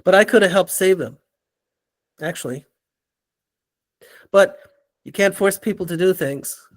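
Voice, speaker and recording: An older man, a guest in an interview, telling animated stories and acting out the people in them. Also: sits high, measured pace. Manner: animated storyteller, acts out quoted voices. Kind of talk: storytelling in an interview.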